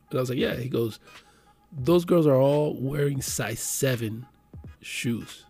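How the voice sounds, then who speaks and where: Guy in his 30s telling a crude story, husky voice, does all the voices, quiet music under it. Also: medium pitch, measured pace, no echo. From Miami area. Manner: profane, animated storyteller who acts out quotes. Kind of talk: casual storytelling chat.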